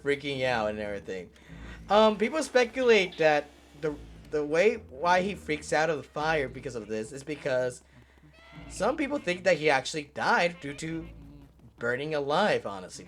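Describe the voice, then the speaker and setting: A man's voice: on the high side, sing-song, moderate pace, fairly bright tone, soft background music. A man giving casual gameplay commentary, rambling, swearing and laughing as he plays. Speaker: let's play host.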